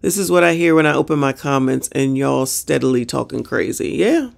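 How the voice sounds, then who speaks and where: A woman's voice: extremely low pitch, expressive, a little fast, gravelly. A woman hosting a reaction show, ranting in a sassy, exasperated way with mild profanity. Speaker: reaction channel host. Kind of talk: reaction commentary.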